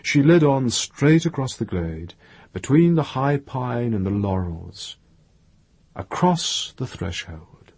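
A man reads fiction aloud as the audiobook narrator, in slow, measured narration. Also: mid-range voice, very animated, darkish tone, slightly rough, dry recording. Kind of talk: scripted narration.

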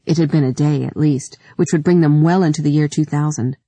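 Woman audiobook narrator, dark mellow tone, dry close sound, measured delivery. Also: deep voice, no echo. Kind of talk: scripted narration.

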